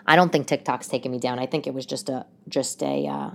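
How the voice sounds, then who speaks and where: A woman comedian with a New York accent hosting her own podcast in casual chat, expressive and animated, swinging between loud outbursts and quiet asides. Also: a bass voice, fast.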